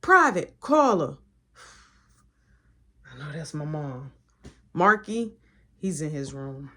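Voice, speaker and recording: A young adult woman telling a personal story in a casual storytime vlog, swinging between dramatic loud moments and hushed asides. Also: low-pitched, animated, very slow.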